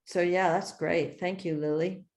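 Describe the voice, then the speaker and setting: Woman, group coach on a call, lower voice, upbeat explainer. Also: unhurried, echoey room. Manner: animated, explains with examples and rhetorical questions. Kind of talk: casual coaching talk.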